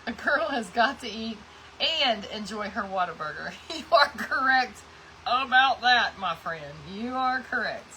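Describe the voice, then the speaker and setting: A woman chats through a crafting livestream and talks to her viewers by name. Her voice sits a little high and rings bright and forceful, and a faint hum of room noise runs underneath. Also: lively intonation, measured pace, rough recording. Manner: chatty and rambling, addresses viewers by name. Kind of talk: casual chat while crafting, reading viewer comments.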